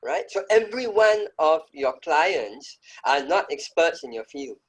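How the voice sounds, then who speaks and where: A man's voice: on the high side, very animated, unhurried, rough recording. A middle-aged man speaking as an interview guest, telling his story in an emphatic, reflective way. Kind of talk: conversational interview.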